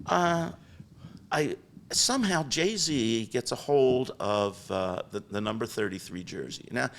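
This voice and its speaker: An older man, the guest on a podcast, telling lively stories about his business with lots of restarts. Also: mid-range voice, takes it slowly, vocal fry. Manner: chatty, animated storyteller with frequent restarts. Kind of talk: storytelling interview. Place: podcast studio.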